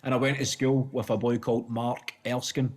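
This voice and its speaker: A man's voice: mid-range voice, flat delivery, normal speed, darkish tone. A Scottish man with a Glaswegian accent, a comedian guest in casual, laid-back comedic chat, laughing often. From Scotland.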